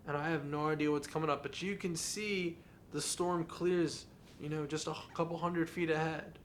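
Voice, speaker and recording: A man's voice: fairly high pitch, steady tone, normal speed, slight background noise. Earnest young man, candid podcast talk. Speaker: podcast host. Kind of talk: casual podcast monologue.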